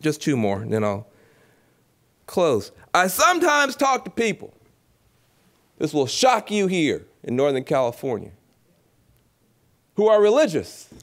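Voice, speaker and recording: A man giving a lively public speech at a gala, animated and preacherly, acting out voices and repeating phrases for emphasis. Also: a little high, unhurried, pauses often. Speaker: keynote speaker at an awards gala.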